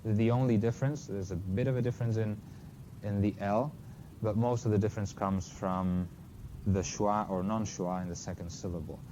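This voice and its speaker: A man's voice: on the low side, fairly even intonation, normal speed. Guy giving a phonetics talk, keeps fixing his own wording, kinda muffled lo-fi recording. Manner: explanatory, self-correcting, apologetic asides. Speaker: linguistics lecturer. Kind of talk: academic talk with slides. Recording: slightly dull lo-fi lecture recording with faint noise.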